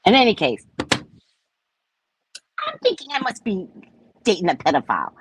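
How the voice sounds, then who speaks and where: A woman's voice: medium pitch, moderate pace, a little hiss or hum. A middle-aged woman hosting her own show, telling a story in a casual, dramatic way. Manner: animated, dramatic retelling with swings between loud and soft. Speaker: spiritual reader and show host.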